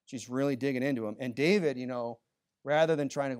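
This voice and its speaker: With a clean tone and brisk delivery, a male pastor preaches a sermon in church. It's conversational and full of "you know" asides, shifting from emphatic bursts to low, quiet remarks.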